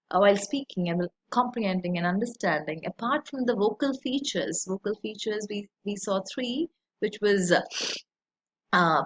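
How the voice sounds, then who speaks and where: A woman, teaching a lesson in a slow, deliberate way, with many fillers. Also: mid-range voice. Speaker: English teacher. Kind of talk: recorded lecture.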